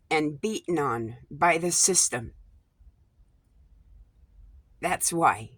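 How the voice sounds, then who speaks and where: A woman's voice: deep voice, animated, very slow, pauses often, a bit bright, slightly rough, no echo. A woman vlogging casually from inside a small RV, talking frankly into her camera, swearing freely and often restarting her sentences. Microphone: phone or camera with a wide-angle lens.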